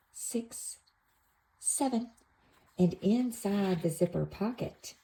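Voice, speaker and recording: A woman gently showing an activity book to toddlers, naming pictures in a soft, sing-song way. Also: lowish voice, creaky, poor audio. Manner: soft, sing-song, with playful animal sounds. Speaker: toddler class teacher. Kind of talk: slow, gentle show-and-tell for toddlers.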